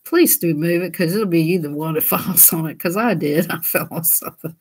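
A woman's voice: lowish voice, fairly quick, a little mellow, breathy edge. A woman who hosts a coloring channel chats casually while she colors. She giggles a lot and keeps slipping into silly voices.

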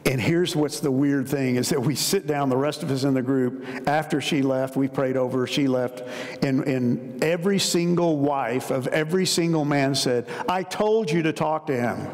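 A man's voice: mid-range voice, steady tone, normal speed, a little mellow. A middle-aged man preaching a sermon as pastor, telling stories in a conversational, emphatic way. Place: large church hall. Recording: long church hall reverb.

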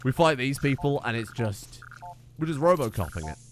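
A man's voice: medium pitch, sing-song, moderate pace. A man giving wry, chatty let's play commentary, swearing casually. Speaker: gaming streamer.

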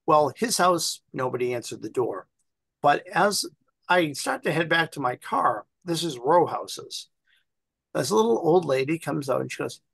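An American man on a panel, telling family stories in a casual, animated way and acting out the voices of people he quotes. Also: a little high, moderate pace, vocal fry, no echo. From United States. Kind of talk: casual storytelling.

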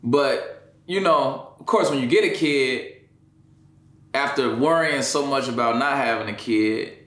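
A man recounts his son's accident during an interview in an unhurried, medium-pitched voice that's fairly bright, with a roomy sound. Deeply emotional and slangy, he keeps saying "you know what I'm saying".

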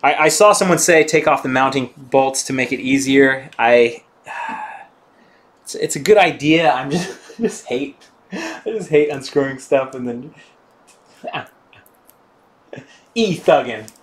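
A man's voice: mid-range voice, expressive, takes it slowly, pauses often. Laid-back man chatting on a bike live stream. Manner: rambling, laid-back, swears casually, reads chat aloud. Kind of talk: casual live-stream chat while working on a bike.

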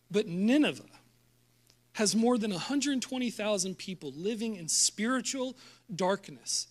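Male pastor with a high voice, playful sermon delivery that acts out characters. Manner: animated, jokey, acts out Bible voices with laughs. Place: church service.

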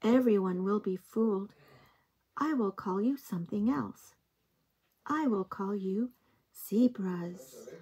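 A woman reading the lines of a kindly wise old man in a picture book, speaking slowly and deliberately. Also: medium pitch, mellow, breathy edge, heavily acted. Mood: earnest. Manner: slow, deliberate storytelling voice.

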